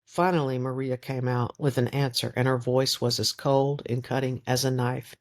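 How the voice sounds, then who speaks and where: A man's voice: medium pitch, fairly even intonation, moderate pace. Man reading a novel aloud. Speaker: reader.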